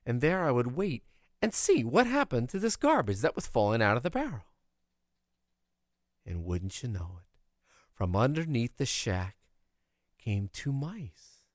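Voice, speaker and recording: A man's voice: mid-range voice, unhurried, pauses often, no room sound. Folksy guy telling a story, voice jumping all over, super dry close sound. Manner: folksy, animated, expressive. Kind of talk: oral storytelling of a childhood tale.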